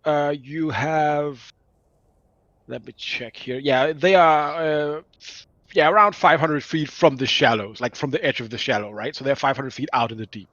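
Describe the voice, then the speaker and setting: A man's voice: medium pitch, normal speed, a bit bright. A hesitant man serves as dungeon master, stopping and restarting often as he checks the rules. His mic sounds dull and lo-fi. The room gives almost no echo. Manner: hesitant, many fillers and restarts. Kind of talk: running a tabletop game.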